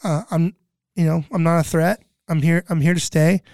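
A man's voice: a little high, moderate pace, vocal fry, dry recording. A middle-aged man telling stories casually as a guest, rambling with lots of filler words and restarts, sometimes swearing. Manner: animated, swearing. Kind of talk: casual storytelling.

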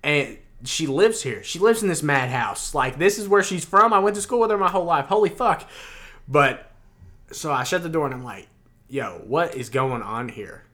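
A young man in casual chat, telling a wild dream in an animated way, acting out the voices and swearing freely. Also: fairly high pitch, normal speed. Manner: animated storyteller, acts out quotes, swears freely.

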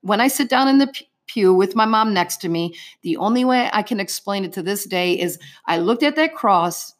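A woman's voice: mid-range voice, lively intonation, moderate pace. A middle-aged woman giving an earnest personal faith testimony as an interview guest, telling her story vividly in the present tense.

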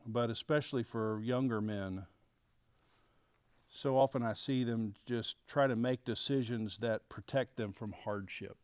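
A middle-aged man teaching a Bible lesson to men, animated and acting out quoted lines. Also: medium pitch, measured pace, smooth, no echo. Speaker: men's leadership teacher.

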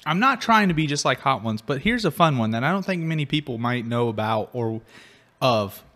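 A man's voice: mid-range voice, big pitch swings, fairly quick, a bit bright. A man co-hosting a casual hot sauce tasting, chatting in an easygoing, playful way. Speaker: co-host. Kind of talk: casual chat.

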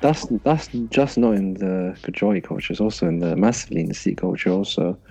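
A man speaking slowly and thoughtfully as a podcast guest in casual chat. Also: low voice, expressive, gravelly, warm tone, breathy edge. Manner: slow, thoughtful, hesitant. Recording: dull lo-fi sound with faint music.

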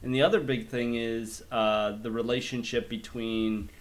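A man's voice: mid-range voice, flat delivery, moderate pace. A man chatting casually about films in a middle-range voice. He talks loosely, laughing often and restarting his sentences. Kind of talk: casual chat about movies.

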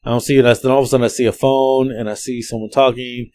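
A man, a podcast co-host telling rideshare driving stories in a profane, animated way, acting out the quotes. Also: medium pitch, rapid-fire, clear, resonant tone. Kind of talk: casual storytelling chat.

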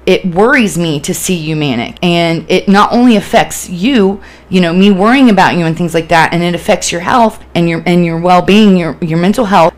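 A woman hosting a casual solo podcast, talking candidly and with plenty of swearing, rambling through fillers and restarts. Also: fairly low pitch. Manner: candid, profane, animated storytelling. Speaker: podcast host.

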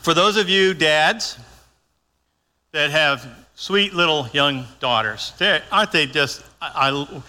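A man's voice: on the high side, slow, pushed and bright. An older man preaching a sermon in a folksy, conversational way, acting out his own lines as he goes. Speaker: pastor. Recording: long hall reverb.

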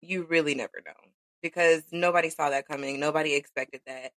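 A woman with a notably low voice, chatting supportively as a podcast co-host. The sound is close and dry, with no room echo. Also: fairly even intonation, brisk. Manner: supportive, conversational, with frequent "like". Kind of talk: casual podcast chat.

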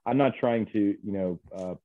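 Deep-voiced man on a tinny line. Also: no room sound. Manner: earnest, halting, many fillers. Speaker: guest, mental health specialist. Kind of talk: casual interview chat. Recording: dry, tinny phone-like line.

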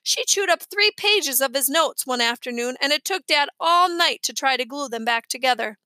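A woman reading a children's novel aloud in a plain, steady storytelling manner, with a small slip now and then. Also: high-pitched, normal speed, no room sound. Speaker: audiobook reader.

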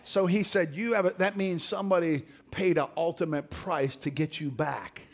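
A middle-aged male pastor preaching a sermon, dropping to low murmurs and climbing to shouted exhortation. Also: moderate pace.

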